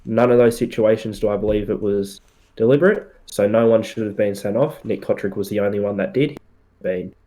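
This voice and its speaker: A man co-hosting a podcast, giving firm opinions in relaxed casual chat with plenty of fillers. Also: fairly low pitch, brisk. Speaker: podcast co-host.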